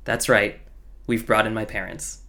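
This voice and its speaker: A male podcast co-host with a gravelly, bright and forward tone. He reads a scripted intro in an upbeat, friendly and clear way. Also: fairly low pitch, fairly even intonation, normal speed.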